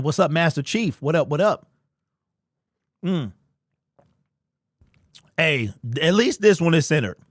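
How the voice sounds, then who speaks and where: A man's voice: fairly high pitch, no echo, clean studio sound. A man hosting a casual fan live stream, greeting chat members by name in loose, slangy talk.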